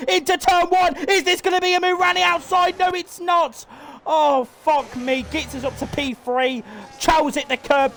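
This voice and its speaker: A man giving live play-by-play commentary on a sim race, excitable and swearing freely as he calls the action. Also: very high voice.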